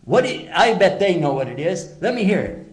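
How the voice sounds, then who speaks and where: A man's voice: high-pitched, very animated, brisk. A man giving a religious lecture to a live audience, emphatic and full of rhetorical questions. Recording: echoey lecture hall.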